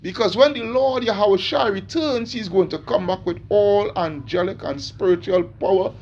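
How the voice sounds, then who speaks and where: A middle-aged man with a Caribbean accent preaches in an emphatic, street-sermon style. His voice sits a little high for a man and carries a gravelly rasp. He stumbles through repeated words while building his point, then reads scripture in a slow, deliberate cadence. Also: a little mellow, dull audio, slight background noise. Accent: Caribbean English.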